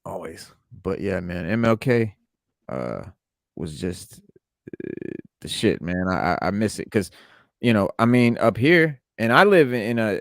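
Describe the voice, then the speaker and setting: A man's voice: sits low, no echo, clean studio sound. A man from New York co-hosting a podcast, telling stories in a laid-back, slangy way. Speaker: podcast co-host. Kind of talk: casual chat.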